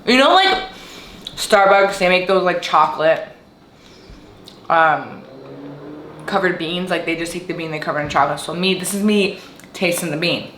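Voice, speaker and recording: A woman's voice: fairly low pitch, normal speed, long pauses, a bit bright, reverberant, slight background noise. A young woman from Brooklyn, New York, reviewing coffee in a casual, rambling vlog and teasing herself now and then. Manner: rambling and self-teasing, with sing-song greetings. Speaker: vlogger reviewing food and coffee.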